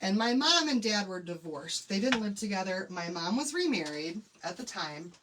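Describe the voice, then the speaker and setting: A woman's voice: medium pitch, very animated, moderate pace. A middle-aged woman, hosting a crafting livestream and telling a personal story in an emotional, chatty way. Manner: emotional, chatty, addresses viewers as y'all. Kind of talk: chatty live tutorial with storytelling. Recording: faint background noise.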